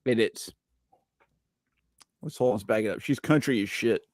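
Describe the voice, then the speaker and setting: A man's voice: mid-range voice, moderate pace, a little mellow, dry recording, studio quality. A man hosting a casual gaming chat, joking around and playful. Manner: playful, jokey, puts on accents. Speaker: podcast host.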